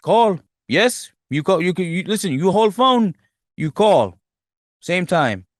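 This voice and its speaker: A man putting on a shady male crime boss who talks in halting, clipped broken English. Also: high voice, no room sound, clean studio sound, voice pushed up. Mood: pushy.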